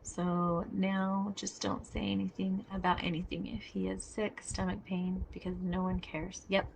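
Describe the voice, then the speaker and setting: A woman's voice: mid-range voice, level tone, measured pace, creaky, slight background noise. A middle-aged woman giving a casual live teaching talk, earnest and emphatic, speaking straight to her listeners. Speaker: body mapping teacher. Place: outdoors near traffic.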